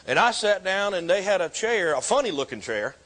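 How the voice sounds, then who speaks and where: Man with a raised pitch, telling his story. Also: measured pace. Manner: animated storytelling with self-mocking humor. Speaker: speaker sharing his recovery story. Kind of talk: personal recovery testimony.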